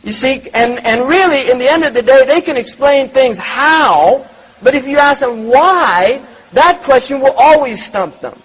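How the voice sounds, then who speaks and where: A man's voice: extremely high pitch, lively intonation, a little slow, fairly bright tone, husky, poor audio. A man giving a religious lecture, reflective, repeating words and asking rhetorical questions. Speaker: Islamic lecturer.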